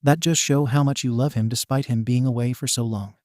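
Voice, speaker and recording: A man's voice: medium pitch, fairly even intonation, fairly quick, darkish tone, no room sound, clean studio sound, natural voice. A man voicing an earnest, encouraging teen boy hero in a fan fiction reading.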